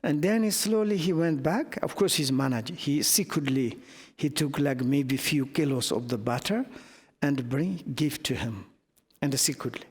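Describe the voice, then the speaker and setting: A man giving a Buddhist teaching as a story, speaking halting with many restarts. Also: mid-range voice, breathy edge. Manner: halting non-native English, many restarts. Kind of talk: dharma teaching told as a story. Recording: long hall reverb.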